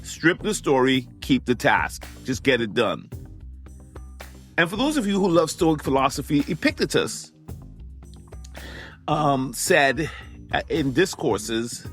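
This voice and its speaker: A man hosting a motivational talk, emphatic and animated, repeating his key phrases for the listener. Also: medium pitch, takes it slowly, pauses often, faint music behind. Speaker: podcast host.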